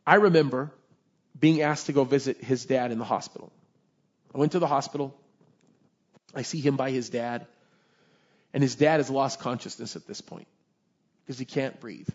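A man's voice: mid-range voice, normal speed, long pauses, muffled recording. A man preaching a sermon as pastor, impassioned and conversational, often asking his listeners to agree.

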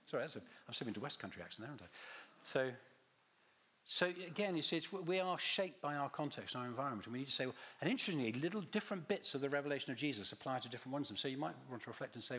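A man's voice: mid-range voice, animated, racing, fairly bright tone. A man giving a teaching talk to a congregation, quizzing the listeners and restarting his phrases as he goes. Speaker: visiting Bible teacher.

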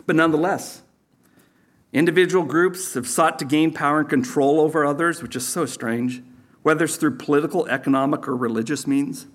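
A man's voice: a little high, fairly quick. A man preaching a sermon as pastor, teaching in a conversational way with sarcastic asides.

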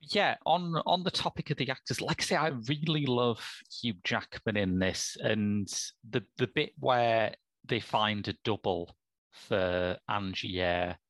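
Man, low gravelly voice, dry close sound, wry podcast chat. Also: fairly bright tone, dry recording. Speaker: podcast co-host. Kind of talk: casual film chat.

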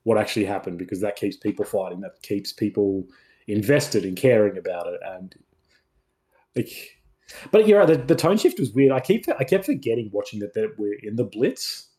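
A man co-hosting a casual film review podcast, chatty and quick to act out lines from scenes. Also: on the low side. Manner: animated, chatty, acts out quotes. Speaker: podcast co-host.

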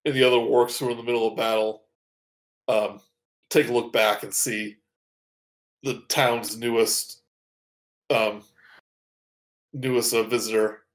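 A man narrates a tabletop game as game master, his voice sitting at an ordinary pitch. He talks haltingly, with many ums and restarts. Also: little pitch movement. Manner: hesitant, full of ums and restarts.

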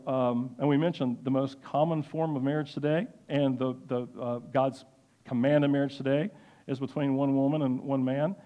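A man giving a sermon-style Bible lesson, halting with many fillers and restarts. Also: mid-range voice, darkish tone. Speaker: Bible teacher.

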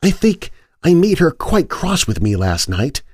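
A man's voice: on the high side, very animated, a little slow, slightly rough, dry recording, clean studio sound, pitched above the performer's own voice, exaggerated voice. A man voicing a bold, blunt young girl in a raised voice. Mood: sharp.

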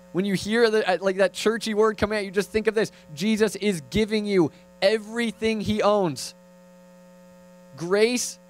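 A young man preaching a lively, conversational sermon that swings from loud to hushed, with playful asides. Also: high-pitched, rough recording.

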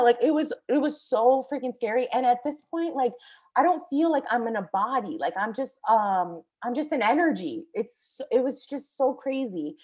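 A young woman vlogger casually recounting a frightening experience, animated and full of fillers, with some swearing. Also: a little high, moderate pace, slightly rough. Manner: breathless, animated, many fillers. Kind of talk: casual storytelling.

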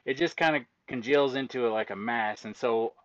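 Lively storytelling man, dry and dull sound. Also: medium pitch, moderate pace, no room sound. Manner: lively storyteller acting out exchanges with commenters. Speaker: autopsy technician guest. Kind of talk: casual conversational explaining.

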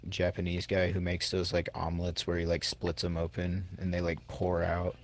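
A young man in a casual podcast chat, telling things in a relaxed way, full of "like" fillers. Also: low voice, moderate pace. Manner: relaxed storytelling with many "like" fillers.

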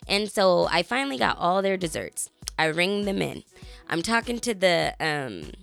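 Lively lower-voiced woman telling a story. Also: normal speed, creaky, faint music behind. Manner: animated storyteller, acts out quotes. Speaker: podcast co-host. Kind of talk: casual storytelling chat.

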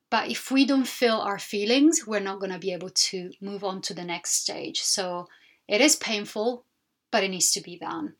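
A woman's voice: medium pitch, fairly bright tone. Reflective woman hosting a solo podcast. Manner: reflective, candid, with frequent restarts. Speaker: podcast host.

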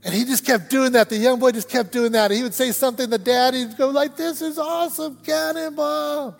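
A man preaching a sermon as pastor, telling a story with lively acted-out voices and shouted moments. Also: very high voice, quick pace, gravelly. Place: church sanctuary. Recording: long church hall reverb.

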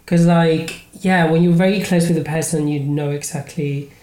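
A man's voice: fairly high pitch, fairly even intonation, moderate pace, warm tone, roomy sound, rough recording. A man with a Spanish accent, a native Spanish speaker, hosting a casual podcast chat and rambling with many fillers and restarts. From Spain. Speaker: podcast host and improv comedian.

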